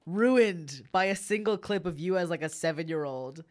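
A woman's voice: lowish voice, lively intonation, moderate pace, darkish tone. A woman hosting a podcast in casual chat, rambling and jokey with frequent restarts. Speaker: podcast host.

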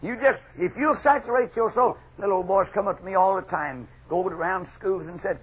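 A middle-aged man preaching a fervent revival sermon, moving from loud exhortation to hushed asides. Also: high voice, a little fast, few pauses, slightly rough. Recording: dull lo-fi archival sermon recording.

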